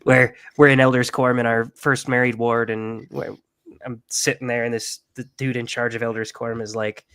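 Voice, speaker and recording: A man's voice: medium pitch, little pitch movement, moderate pace, a bit bright, clean tone, no room sound. Laid-back storytelling man, dry sound. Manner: storytelling, swearing, does mocking voices. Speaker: podcast co-host. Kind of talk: casual chat.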